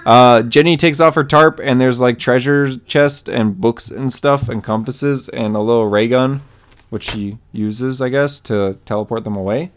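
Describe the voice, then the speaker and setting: A man's voice: a little slow, clean tone, faint music behind. A man co-hosting a podcast, eagerly recapping a comic issue and playing out the characters' lines in a raised voice. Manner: excited retelling, acts out character lines in a higher voice. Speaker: podcast co-host. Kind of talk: casual comic book chat.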